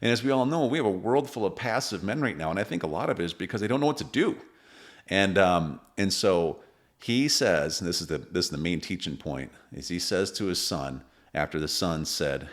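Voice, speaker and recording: An earnest man with an extremely deep, low voice co-hosts a casual podcast conversation. He tells stories at length and often stops to restart a sentence. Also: lively intonation, brisk. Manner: earnest, storytelling with frequent restarts. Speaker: parenting podcast co-host.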